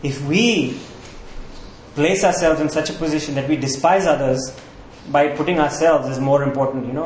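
A man's voice: on the high side, animated, a little fast, a little hiss or hum. A man preaching a sermon as pastor in a conversational, earnest way, often checking in with the listeners. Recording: roomy echo.

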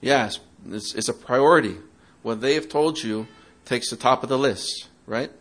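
Preacher, male, mid-pitched, teaching parents, interactive, mocks excuses. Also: measured pace, a bit bright. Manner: interactive, asks the audience questions; acts out quoted excuses in a mocking tone. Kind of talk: sermon.

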